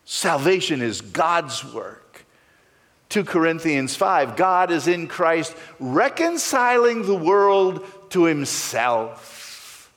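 A man's voice: a little high, sing-song, slow pace, fairly bright tone, big-room sound. A male pastor preaching a sermon, stressing key words with sweeping rises and falls.

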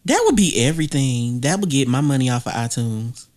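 A woman's voice: rumbling low, expressive, fairly quick, darkish tone. A woman co-hosting a casual comedy podcast, tossing in short dry quips and laughing. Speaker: podcast co-host.

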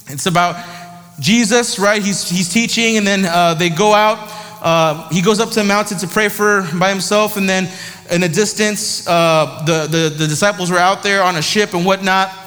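A man giving a sermon in a lively, conversational way, often tossing in "right?" to his listeners. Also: high-pitched, moderate pace. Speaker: preacher. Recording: long hall reverb.

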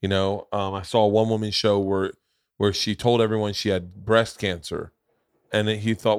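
Man, podcast host, casual chat, rambling, stammering restarts, low voice, dry close mic. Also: fairly even intonation, moderate pace, smooth, no echo.

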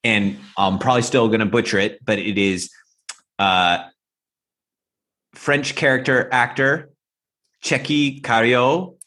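Speaking slowly with long pauses, this man has a medium-pitched, steady voice with a sharp edge. He co-hosts a podcast where he chats casually about films, rambles with plenty of fillers, and performs movie lines in shifting voices.

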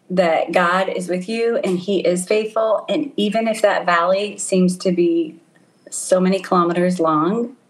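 A middle-aged woman missionary talking casually as an interview guest, laughing often and filling pauses with ums. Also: fairly low pitch, rough recording. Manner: warm, laughs often, many ums and restarts. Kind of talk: casual conversation. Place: home in Italy, over a call.

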